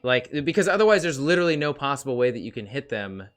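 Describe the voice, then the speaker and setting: A man runs a tabletop role-playing session with a bright, forward voice. He talks loosely, jokes and laughs often. His swearing comes out casually. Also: mid-range voice, big pitch swings, quick pace. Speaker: game master. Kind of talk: running a tabletop game, casual.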